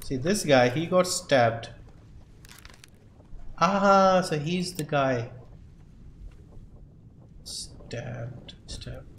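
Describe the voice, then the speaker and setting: A man's voice: on the high side, animated, slow, pauses often. A man streaming a game live, thinking aloud and muttering options to himself. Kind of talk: live gameplay commentary. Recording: echoey room, faint background noise.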